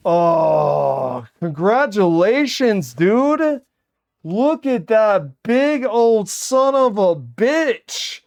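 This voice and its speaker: A man streaming a card game live, chatting casually to viewers and reacting loudly, with swearing and groans that swing up into shouts. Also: high-pitched, expressive, very slow, gravelly.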